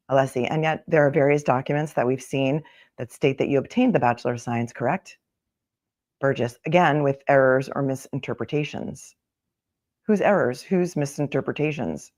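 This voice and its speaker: A middle-aged woman attorney hosts a live-stream, reading a newspaper column aloud and breaking off for wry, chatty asides between passages. Her voice is a bass, darkish in tone, at a normal speed.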